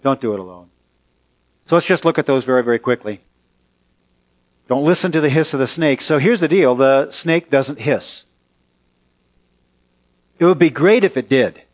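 A man preaching a Sunday sermon as a pastor, earnest and emphatic, slowing and speeding up for effect. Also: a little high. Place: church sanctuary.

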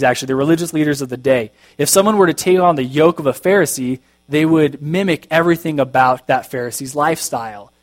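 A pastor preaching a conversational sermon, reading scripture aloud and making self-deprecating jokes. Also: male voice, a little high.

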